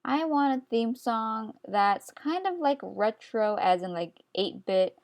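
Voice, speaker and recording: A woman's voice: fairly high pitch, animated, slow pace. Young woman just chatting while she draws, kinda rambly, pokes fun at herself and laughs a bunch. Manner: chatty, self-mocking, laughs often. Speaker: art YouTuber. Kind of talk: rambling casual commentary while drawing. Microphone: computer screen-recording voice-over.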